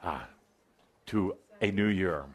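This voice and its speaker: A man's voice: deep voice, slow pace. A man channeling a spiritual teacher to a live audience, speaking with wry, playful asides and sudden emphatic bursts. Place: event hall with live audience.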